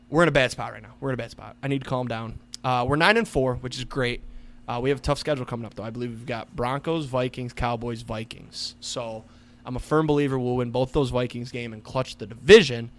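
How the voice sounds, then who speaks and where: A man's voice: medium pitch, fairly bright tone. A young man co-hosting a casual sports podcast, ranting heatedly with lots of swearing. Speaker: podcast co-host.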